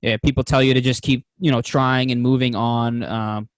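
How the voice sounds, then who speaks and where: Young male podcast co-host, casual and profane storyteller, mid pitch, dry close mic. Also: flat delivery, normal speed, no room sound. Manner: loose, swearing, storytelling with laughs. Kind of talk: casual chat.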